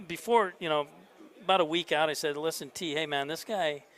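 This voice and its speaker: Animated man telling a coaching story. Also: fairly high pitch, fairly quick. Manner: animated storyteller acting out dialogue. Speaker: head baseball coach, guest. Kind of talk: casual storytelling interview. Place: convention floor.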